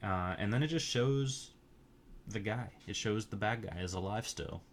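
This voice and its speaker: A man's voice: on the low side, normal speed, slight background noise. A man casually recapping movies in a crude, offhand, meandering way, full of fillers and asides. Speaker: movie reviewer.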